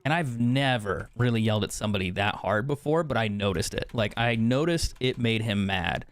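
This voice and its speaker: A man's voice: lowish voice, expressive, normal speed. A young man streaming a game, chatting candidly with viewers, swearing freely and laughing often. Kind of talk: casual chat with stream viewers while gaming.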